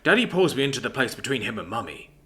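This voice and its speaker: A man narrating a first-person story in an expressive storytelling manner. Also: medium pitch, fast talker.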